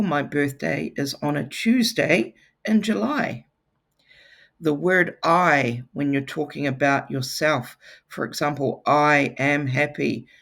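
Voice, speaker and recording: This is a New teacher speaking to a class of children. The pace is unhurried and the voice has a gravelly rasp. The delivery is playful, with teasing jokes tucked between the lesson points. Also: mid-range voice, fairly bright tone.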